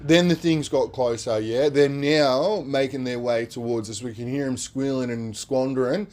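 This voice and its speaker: A man on a podcast, telling a story in a casual, animated way, swearing freely and tagging lines with "man" and "right?". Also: mid-range voice, moderate pace.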